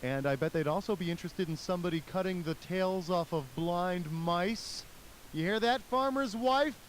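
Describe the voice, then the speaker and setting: A man's voice: sits high, moderate pace, noisy background, close to an everyday voice. An actor playing a wisecracking, sarcastic male game show host in a quiz video game. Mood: snarky. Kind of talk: scripted quiz game hosting. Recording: loud game music behind.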